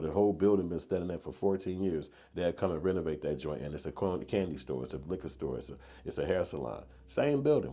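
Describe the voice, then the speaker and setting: A man's voice: very deep voice, warm tone, breathy edge. A man giving a casual, slangy opinion monologue that builds to emphatic rants. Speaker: commentary vlogger.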